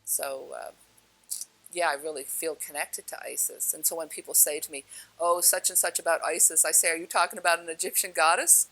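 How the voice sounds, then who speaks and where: Gravelly, bright-voiced woman telling stories. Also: deep voice, fairly quick, rough recording. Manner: animated, laughs often, acts out dialogue. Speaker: speaker telling personal stories. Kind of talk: casual spoken storytelling.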